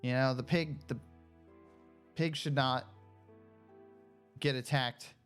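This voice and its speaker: A woman giving casual gameplay commentary, excitable, talking to herself and coaxing a pet along. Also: rumbling low, slow pace, clear, resonant tone, soft background music. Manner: animated, talks to herself and coaxes a pet pig; excitable shouts and cheers. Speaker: gaming streamer.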